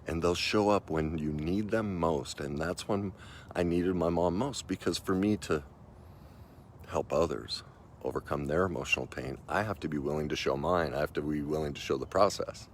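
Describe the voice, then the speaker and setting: A man's voice: very deep voice, moderate pace, a little hiss or hum. A man in his fifties, a coach, telling a personal story in an earnest, emotional and loose conversational way, with many likes and restarts. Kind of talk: personal motivational talk.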